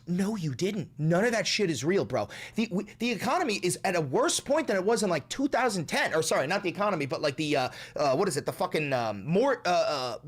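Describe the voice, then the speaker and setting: Young male streamer, profane mocking rant, lively bouncing delivery, slightly high voice. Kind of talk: ranting political commentary.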